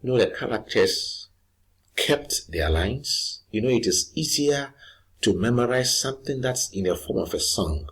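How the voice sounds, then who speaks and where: A man teaching a lesson, explaining slowly and patiently, repeating points and restarting phrases. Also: medium pitch, animated, a bit bright, breathy edge. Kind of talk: recorded lesson.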